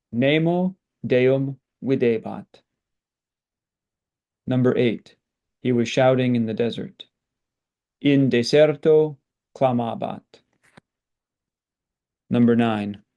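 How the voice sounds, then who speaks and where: A man teaching Latin, patiently working through example sentences and sounding out syllables slowly. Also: medium pitch, dark tone. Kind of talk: explanatory lesson.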